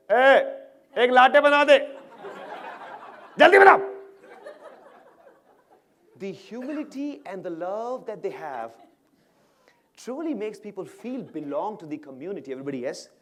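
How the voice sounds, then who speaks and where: Animated man giving a stage talk. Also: on the high side. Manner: energetic, questions the audience often, acts out dialogue. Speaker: motivational speaker at an awards event. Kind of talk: animated stage speech to an audience. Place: large event hall with live audience.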